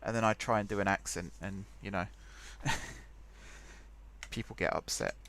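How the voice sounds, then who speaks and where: A man's voice: on the low side, normal speed, fairly bright tone, slight background noise. Chatty man thinking aloud. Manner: rambling, chatty, thinks aloud while typing. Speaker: let's play host. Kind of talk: casual gameplay commentary.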